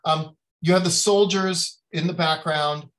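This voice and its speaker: A man's voice: a little high, fairly even intonation, unhurried, a bit bright, poor audio. A man giving a casual academic lecture on design history, talking in a chatty way with many fillers and little acted-out quotes.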